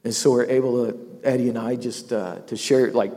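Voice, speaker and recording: A man's voice: medium pitch, steady tone, fairly quick, mellow, long reverb tail. A man telling an emotional personal testimony about his workplace, laughing often and tearing up at moments. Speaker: business owner sharing a testimony.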